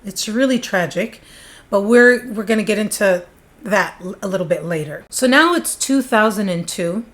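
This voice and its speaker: A woman recounting a true-crime case in a chatty, conversational voice, with plenty of casual asides. Her pitch sits in an ordinary middle range for a woman. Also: expressive, moderate pace, fairly bright tone.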